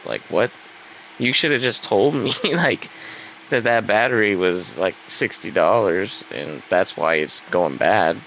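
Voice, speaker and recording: Young guy ranting about stuff, kinda raspy gravelly, lots of likes and you knows, bit of hiss behind. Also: fairly low pitch, animated, unhurried, pushed and bright, rough recording. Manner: rambling, upset, swears a lot, many fillers. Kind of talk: casual venting while gaming.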